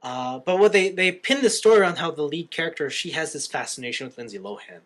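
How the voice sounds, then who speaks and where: Speaking fast in a slightly high register, a young male co-host recaps a film on his podcast in a relaxed way. He's an energetic narrator who voices the characters' dialogue himself.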